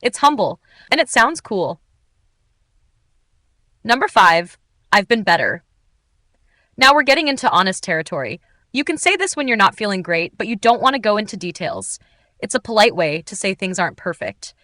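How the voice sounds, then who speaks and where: A woman teaching English in an upbeat, clearly articulated, scripted narration. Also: medium pitch, big pitch swings, moderate pace, pauses often, sharp tone, dry recording.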